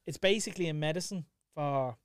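A young man with a Dublin accent tells a story in casual, profane chat, his voice sitting fairly high for a man. He keeps the telling animated, and the sound is close and dry with no room around it. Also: fairly quick, smooth, no room sound. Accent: Dublin Irish. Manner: swearing, animated retelling.

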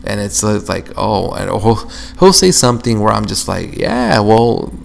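A young man hosts a casual solo podcast, rambling along and venting with plenty of swearing. His fairly low voice is thick with gravelly fry. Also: very animated, normal speed, a little hiss or hum. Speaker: podcast host.

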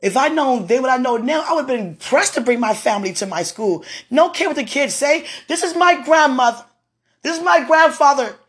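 This woman's voice sits high and sounds slightly rough, expressive, and fairly quick. As a podcast host she shares personal stories conversationally, with frequent laughter and talk of her faith.

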